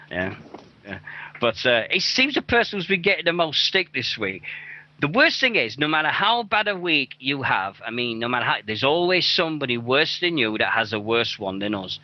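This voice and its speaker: A young man hosting a wrestling radio show, rambling through event listings with plenty of swearing and self-mockery. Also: medium pitch. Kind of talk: casual show chat. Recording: dull lo-fi dry recording.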